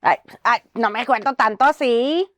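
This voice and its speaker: A woman's voice: on the high side, a bit bright, dry recording. A young adult woman guest on a podcast, joking playfully and mixing in some Spanish. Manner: playful, quick jokes, mixes in Spanish. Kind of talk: casual chat.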